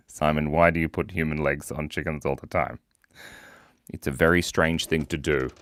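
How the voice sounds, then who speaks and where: A man's voice: rumbling low, steady tone, measured pace, a bit bright, no echo. A young man hosting a casual live stream, chatting playfully with viewers as he draws and reads out their comments. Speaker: livestream host drawing for viewers.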